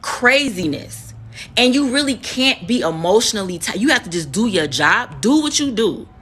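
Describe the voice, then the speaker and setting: A woman's voice: mid-range voice, sing-song, moderate pace, fairly bright tone, slightly rough. A woman in her thirties from the United States, a nurse, telling a heated, profane story to her viewers and repeating words for emphasis. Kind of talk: emotional storytime vlog.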